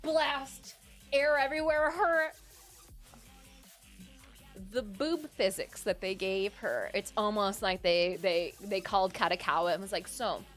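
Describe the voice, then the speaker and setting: A young adult woman streamer from Michigan, chatting casually with her viewers and often breaking into loud laughter. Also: medium pitch, measured pace, soft background music. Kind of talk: casual live-stream chat while drawing.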